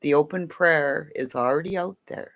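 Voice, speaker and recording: A woman's voice: sits low, normal speed, highs cut off. A middle-aged woman hosting a casual livestream, chatty and playful, laughing often. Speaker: livestream host.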